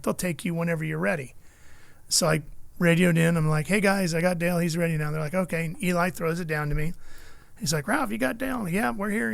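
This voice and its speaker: A middle-aged man tells a lively story as a guest, acting out every voice in it. His voice sits high and has a gravelly edge. The recording is dry and close. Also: no room sound. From California. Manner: animated storyteller, acts out quotes. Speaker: motorsports broadcaster, guest. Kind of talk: storytelling in casual chat.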